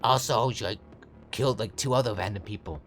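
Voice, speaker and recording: A young man giving casual let's play commentary, loud and joking, swearing and laughing often. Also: on the low side, brisk, soft background music.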